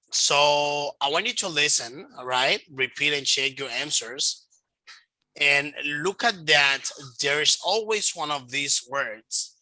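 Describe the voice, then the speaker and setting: Male teacher, slow careful delivery, bright tense tone, dry close sound. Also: medium pitch, no room sound, poor audio. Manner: slow, patient, explains step by step. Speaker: English teacher. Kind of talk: online one-to-one lesson.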